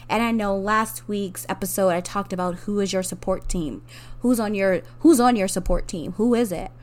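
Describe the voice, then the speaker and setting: A woman hosting a podcast, talking earnestly and openly to her listeners about hard times, often with a soft laugh and rising emphasis. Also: mid-range voice. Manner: speaks directly to the listener. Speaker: podcast host. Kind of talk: personal reflective monologue.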